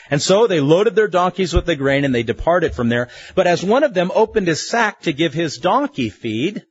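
A man preaching a sermon in a lively, conversational way, asking his listeners pointed questions. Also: medium pitch, husky, no room sound, lo-fi sound.

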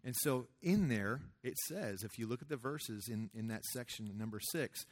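Casual preaching man, animated. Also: medium pitch, normal speed. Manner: conversational, animated, acts out quoted voices. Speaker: youth pastor. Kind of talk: casual sermon.

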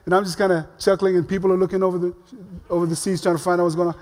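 A man's voice: high voice, level tone, very fast, a little mellow. An older man, a pastor, giving a sermon in a casual, humorous storytelling way. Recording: long reverb of a large hall.

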